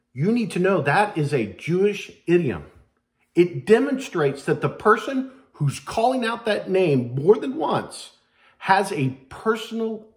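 A man's voice: fairly high pitch, a little mellow. A man preaching a sermon as pastor, dramatic and acting out quoted voices.

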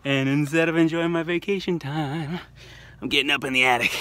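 A man's voice: a little high, steady tone, brisk, sharp tone. A man hosting a family vlog at home, a father talking casually to the camera with joking, self-mocking asides.

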